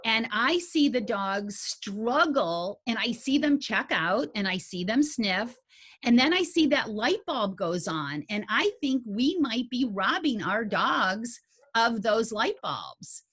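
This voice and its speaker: A woman teaching a dog agility study group in a folksy, animated, conversational way. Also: a little high, slow, slightly rough. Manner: folksy and animated, with homey grammar.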